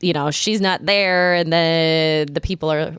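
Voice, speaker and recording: A woman's voice: deep voice, a little slow, clean tone, no room sound, studio quality. A woman from Minnesota co-hosting a podcast, chatting casually and acting out quoted lines as she recaps an episode. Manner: animated, slips into quoted voices. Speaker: podcast co-host.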